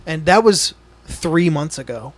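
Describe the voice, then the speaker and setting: A man's voice: on the high side, lively intonation, a little slow. A man co-hosting a casual podcast chat, cutting in with short profane remarks.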